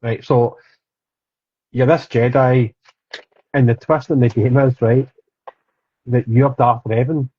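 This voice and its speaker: A man's voice: medium pitch, fairly even intonation, slow pace, long pauses, a little hiss or hum. A man co-hosting a podcast, chatting casually, asking questions and swearing. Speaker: podcast co-host. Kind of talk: casual chat. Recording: dull lo-fi sound.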